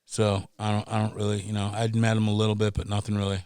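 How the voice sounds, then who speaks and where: A middle-aged man telling stories as a podcast guest, animated and profane, acting out voices as he goes. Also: fairly low pitch, quick pace, smooth, no echo. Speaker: guest, pro snowboarder. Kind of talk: casual storytelling.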